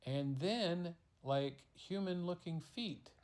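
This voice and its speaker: A man telling an improvised bedtime story in a slow, rambling, casual way. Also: fairly high pitch, darkish tone.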